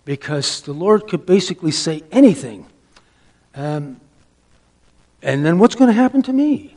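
A man preaching a sermon, emphatic, asking rhetorical questions and dropping to a hush for stress. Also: a little high, expressive, moderate pace. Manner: asks the listeners rhetorical questions.

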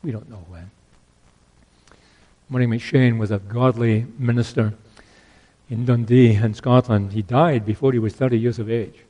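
An older man preaching a sermon, earnest, repeating key phrases and swinging between loud exhortation and hushed asides. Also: medium pitch, steady tone, unhurried, long pauses, highs cut off.

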